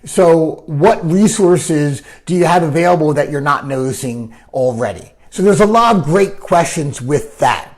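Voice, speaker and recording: This man, whose voice sits a little high, talks unhurriedly with few pauses. Working as a life coach, he gives a casual talk answering viewers' comments, animated, mimicking quoted voices and constantly asking "right?".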